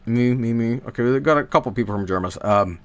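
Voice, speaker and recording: A man's voice: medium pitch, fast talker, clean tone. A man with a thick Swedish accent rambling casually to his stream chat, profane and full of asides.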